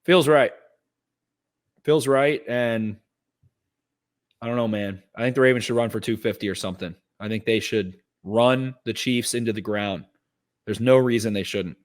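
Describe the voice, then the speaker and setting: A man's voice: medium pitch, normal speed, long pauses. A man co-hosting a casual sports podcast, giving a fired-up, cursing pep talk. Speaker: podcast co-host.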